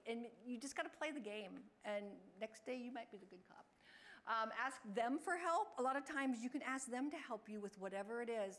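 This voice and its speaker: A woman leading a care staff training session, talking fast and chatty, acting out example lines in a brighter voice. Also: fairly high pitch. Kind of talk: in-service training talk.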